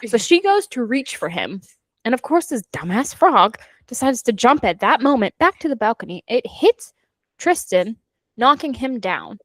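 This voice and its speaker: Animated young woman recapping a book. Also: a little high, normal speed, no room sound. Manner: animated storytelling, acts out characters' lines, swears freely. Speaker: book club podcast co-host. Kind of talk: casual chat recapping a novel.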